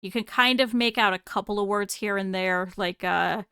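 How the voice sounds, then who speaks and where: A woman's voice: mid-range voice, normal speed, pushed and bright, smooth, no room sound, studio quality. A woman running a tabletop game as game master, narrating with many fillers. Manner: rambling, full of fillers.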